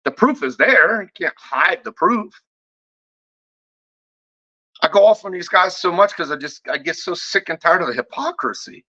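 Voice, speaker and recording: Guy going off in a sweary vlog rant, sharp forceful voice, keeps stumbling and repeating himself. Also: sits high, animated, fairly quick. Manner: profane, combative, heavy swearing; repeats and restarts words when heated. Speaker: fragrance reviewer. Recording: dull lo-fi audio.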